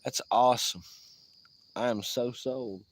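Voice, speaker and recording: A man drawls through a casual livestream, swearing freely and rambling between jokes. His voice sits at an everyday middle pitch, and he talks the way he would to friends on a porch. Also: steady tone, slow pace, a little hiss or hum. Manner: drawling, profane, rambling, jokey sign-off. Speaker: livestream host. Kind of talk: casual outdoor livestream chat.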